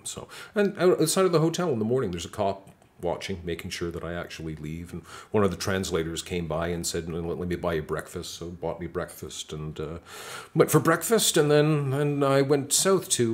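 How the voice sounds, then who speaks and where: A man's voice: low-pitched, animated, a little fast. A man casually telling a travel story in an interview, acting out the dialogue as he goes. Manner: acts out quoted dialogue, many restarts.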